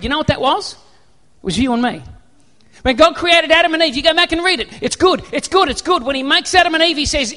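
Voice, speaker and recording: A man preaches a sermon with animated, humorous storytelling. His voice sits very high and sounds bright and forceful. A long reverb from a large hall follows every phrase. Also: normal speed.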